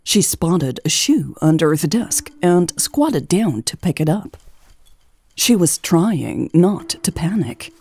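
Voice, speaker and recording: Female audiobook narrator; measured read, dark, mellow tone, dry close sound. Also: fairly low pitch, very animated, breathy edge, dry recording. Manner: slow, measured reading.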